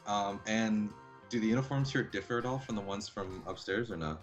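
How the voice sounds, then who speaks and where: Low voiced dude playing a tabletop game, casual, asks lots of questions, faint music. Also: male voice, fairly quick, dull audio. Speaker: player.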